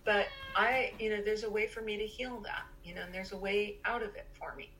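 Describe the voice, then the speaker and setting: A woman's voice: medium pitch, steady tone, a little fast, noisy background. A woman co-hosting a podcast, earnestly sharing reflections in a casual conversation.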